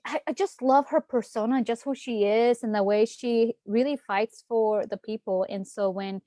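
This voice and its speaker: Higher-pitched woman, chatty and heartfelt. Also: moderate pace, mellow, no echo. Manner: chatty and heartfelt, many fillers. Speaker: political candidate hosting a town hall. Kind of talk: casual livestream Q&A. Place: at home, streaming live.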